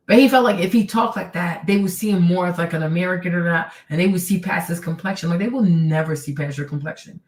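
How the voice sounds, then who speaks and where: A woman's voice: fairly low pitch, quick pace, few pauses, reverberant, far from the mic. A woman hosting her own stream, ranting in casual commentary, sarcastic and profane, often mimicking people she talks about. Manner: heated, sarcastic, profane, mimics others in quotes. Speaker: streamer host.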